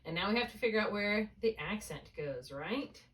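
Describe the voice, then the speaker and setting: A woman's voice: medium pitch, expressive, normal speed, a bit bright, distant mic. Patient woman tutor, a little off-mic. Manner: patient, guides step by step, checks understanding often. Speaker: reading tutor. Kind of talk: one-on-one spelling lesson.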